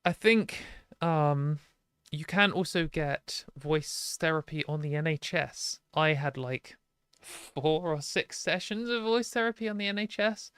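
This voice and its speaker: Chatty British woman, smooth dry voice. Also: sits low, a little slow, no room sound. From Britain. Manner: chatty and rambling, many fillers, self-deprecating. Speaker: live stream host. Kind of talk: casual advice talk on a live stream.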